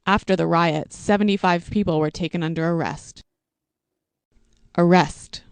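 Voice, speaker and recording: A woman reading vocabulary words and example sentences for English learners, in a slow, deliberate, evenly paced way. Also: on the low side, steady tone, vocal fry, clean tone, no echo. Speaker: English teacher.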